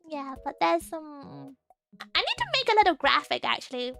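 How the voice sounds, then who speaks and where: A woman's voice: high voice, lively intonation, a little fast, vocal fry, fairly bright tone, soft background music. A young English woman streamer in casual chat, giggly and bubbly, rambling with lots of fillers. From England.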